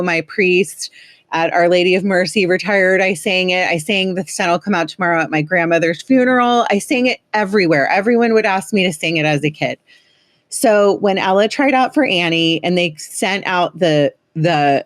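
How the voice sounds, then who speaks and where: A woman's voice: lowish voice, no room sound. Chatty, dry-sounding woman host. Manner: chatty, joking and sarcastic. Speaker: podcast host. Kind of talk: casual podcast chat.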